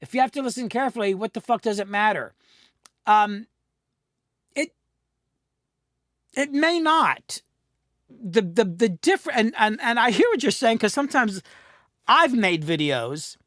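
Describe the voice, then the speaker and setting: Profane, rambling man with a high voice. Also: lively intonation, unhurried, pauses often, fairly bright tone, no echo, studio quality. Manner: rambling, profane, frequent restarts. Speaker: music producer hosting a live stream. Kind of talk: casual live-stream chat. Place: home recording studio. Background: cats in the room.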